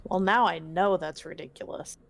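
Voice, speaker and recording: A woman's voice: on the low side, normal speed, creaky. A woman taking part as a player in a tabletop game, direct and questioning. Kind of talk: casual tabletop play.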